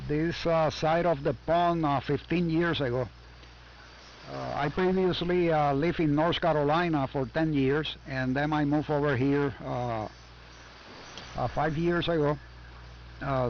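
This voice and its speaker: An older man from Puerto Rico with a Puerto Rican Spanish accent, chatting on ham radio from his basement in a friendly, halting way, full of "uh" and "you know". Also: on the high side. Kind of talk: casual on-air radio chat. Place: home basement. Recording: muffled amateur radio audio, faint static.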